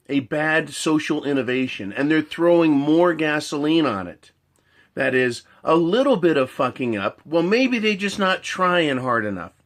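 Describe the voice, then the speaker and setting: A man's voice: a little high, a bit bright. Blunt, profane man ranting. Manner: profane, blunt, keeps asking "right?"; long rhetorical analogies, repeats himself. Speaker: commentator. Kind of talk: ranting monologue.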